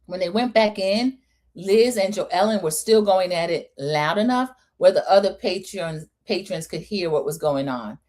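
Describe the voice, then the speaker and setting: Hosting a reality TV recap, a woman speaks at normal speed in a lowish voice, keeping things casual and opinionated. She chats freely and gives animated impressions of the cast's quotes.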